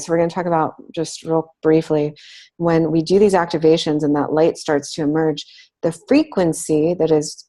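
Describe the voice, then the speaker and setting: A woman hosting a spiritual talk, teaching in slow, deliberate, drawn-out phrases. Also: sits low, mellow. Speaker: host.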